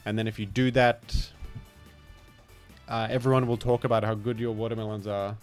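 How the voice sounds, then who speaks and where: A man's voice: fairly low pitch, little pitch movement, moderate pace, soft background music. A man with a British accent commenting live on a game he is playing, rambling in a playful, mock-grandiose way. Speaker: streamer.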